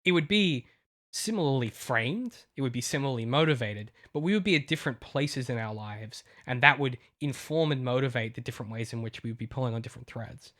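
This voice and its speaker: A man's voice: mid-range voice, animated, a little fast, fairly bright tone. A male podcast co-host and novelist in casual chat, talking emotionally in long rambling runs full of restarts.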